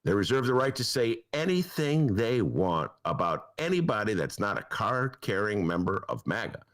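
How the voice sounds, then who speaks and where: A man hosting a podcast as a newspaper columnist, delivering a casual comic monologue in a sarcastic tone and often jumping into high mock voices. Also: big pitch swings, moderate pace, fairly bright tone.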